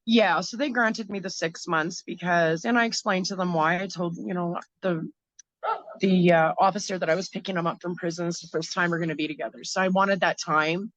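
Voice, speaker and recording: A woman from Canada, a guest in an interview, telling a hard personal story in a frank, halting way with many fillers and restarts. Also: lowish voice, steady tone, a bit bright, no echo, dull audio.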